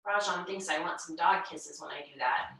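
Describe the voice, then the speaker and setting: A young woman leading a children's yoga class, giving gentle, encouraging, sing-song instructions. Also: fairly low pitch, moderate pace, very echoey, distant mic, poor audio. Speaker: kids' yoga teacher.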